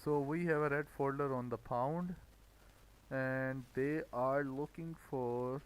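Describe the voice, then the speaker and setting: A man's voice: mid-range voice, fairly even intonation, slow pace, clean tone, low-quality recording. A man streaming live trading commentary, thinking aloud and breaking into swearing rants when he gets worked up.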